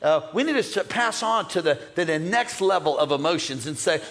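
A male pastor preaching an energetic, playful sermon and calling out to his congregation. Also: a little high, a little fast, hardly any pauses.

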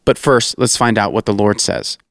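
A man's voice: fairly low pitch, steady tone, moderate pace, fairly bright tone, dry recording, clean studio sound. A man reading aloud, playing an agreeable, devout king in a scripture reading. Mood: earnest.

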